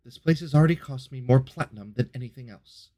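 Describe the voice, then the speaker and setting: A man's voice: medium pitch, fast, dark tone, voice pushed up, lightly acted. A man voicing a weary adventurer who is fed up with the dungeon, with a sigh and no attempt at an accent.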